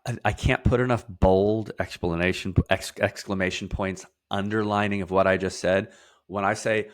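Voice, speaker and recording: A man guest in an interview, explaining emphatically, stacking lists of words and repeating key phrases. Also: fairly even intonation. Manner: drops to a quieter, slower, lower delivery for heavy points. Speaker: podcast guest, somatic therapist.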